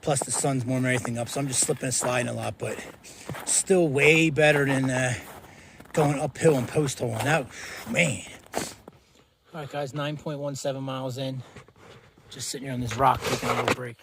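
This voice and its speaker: A man talks into a handheld camera outdoors on a high mountain trail, puffing and worn out between sentences. His voice sits in a middle range, and a faint outdoor noise stays behind it. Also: steady tone, moderate pace. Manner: tired, breathy and puffing at high altitude. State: out of breath. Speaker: thru-hiker vlogger. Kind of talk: casual hiking vlog.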